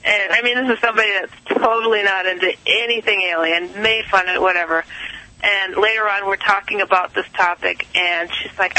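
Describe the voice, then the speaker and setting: A man's voice: high-pitched, fairly even intonation, fairly quick, sharp tone, a little hiss or hum, poor audio. A man telling a story in a rambling, casual way, with many fillers and restarts. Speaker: guest.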